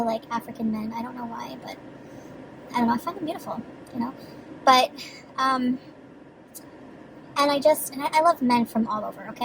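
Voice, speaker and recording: A woman's voice: high-pitched, fairly bright tone, slight background noise, low-quality recording. A woman vlogging in a casual, rambling way, chatty and giggly, swearing freely as she talks. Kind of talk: casual rambling vlog chat.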